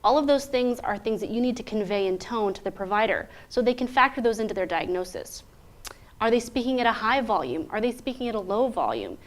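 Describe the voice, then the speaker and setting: A woman leading an interpreting lesson in a medium-pitched voice. She lays points out clearly and methodically and keeps asking rhetorical questions to make her case. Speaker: interpreter trainer. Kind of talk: instructional talk.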